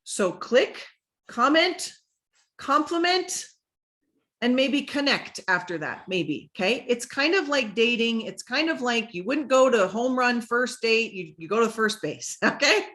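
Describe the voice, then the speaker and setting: A woman business coach giving a lively, conversational talk about selling on social media, acting out sample messages as she goes. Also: fairly high pitch, a little slow.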